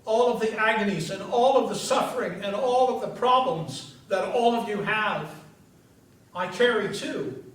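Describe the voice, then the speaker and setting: A man preaching a sermon as pastor, telling stories with dramatic pauses and letting his voice drop at the ends of lines. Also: sits high, fairly bright tone. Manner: storytelling with dramatic pauses and dropped endings. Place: church sanctuary. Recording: echoey church from a distance.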